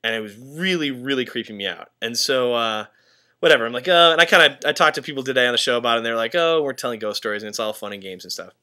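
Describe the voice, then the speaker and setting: A man's voice: mid-range voice, quick pace, bright, forceful tone. A young man telling a ghost story from his hotel room, rambling with lots of fillers and working himself into a panic. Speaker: tour crew member. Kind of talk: confessional vlog to camera.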